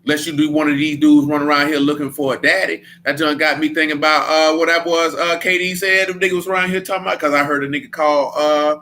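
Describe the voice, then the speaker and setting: A man's voice: on the high side, steady tone, quick pace, hardly any pauses, sharp tone. A man leading a Bible study in a casual preaching style, blunt and emphatic, with a lot of slang.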